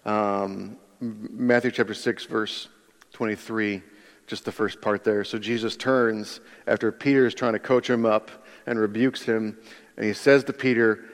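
A man's voice: on the low side, measured pace. A male pastor giving a conversational sermon, often restarting his sentences and acting out quotes. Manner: conversational, animated preaching with frequent restarts and acted-out quotes. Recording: long hall reverb.

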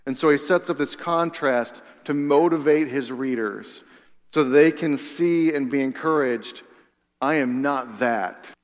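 A man preaching a sermon, earnest and insistent, with a voice that sits a little high for a man. He repeats phrases for emphasis and sinks to a near hush on his weightiest lines. His voice rings out with a long reverb, as in a large church sanctuary. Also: measured pace. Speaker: pastor.

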